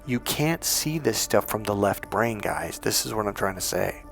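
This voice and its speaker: Animated, swearing male dating coach. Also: moderate pace, gravelly, soft background music. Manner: animated, profane, acts out voices with big pitch jumps. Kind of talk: casual storytelling monologue.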